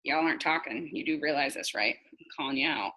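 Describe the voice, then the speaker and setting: Bright-voiced chatty woman from New York. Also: deep voice, quick pace, rough recording. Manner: chatty, blunt, acts out quoted dialogue. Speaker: direct sales team leader. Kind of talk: casual coaching talk on a live video.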